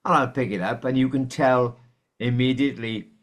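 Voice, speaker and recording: A man's voice: mid-range voice, normal speed. An older man in casual chat with friends, speaking hesitantly and restarting his sentences. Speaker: regular of the group chat.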